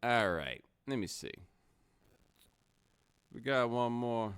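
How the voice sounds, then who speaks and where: A man hosting a casual livestream podcast, talking in an animated, sarcastic way. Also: medium pitch, takes it slowly, clean tone. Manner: animated, sarcastic, rising to loud exclamations. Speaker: podcast host.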